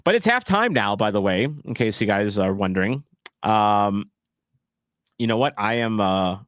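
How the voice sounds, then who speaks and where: A man's voice: medium pitch, a bit bright, dry recording, studio quality. A man casually calling a soccer match on a live stream, rambling and joking at his own expense. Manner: rambling, jokey, self-deprecating. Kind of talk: casual live play-by-play reaction.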